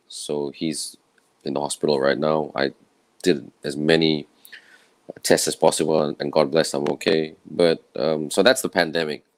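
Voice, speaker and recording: Guy sounding croaky and tired, low voice, just chatting sincerely to his camera. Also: no room sound. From Malaysia. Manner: earnest, loose and conversational. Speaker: summit speaker. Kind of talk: personal talk to camera. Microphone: own camera setup with a clip mic.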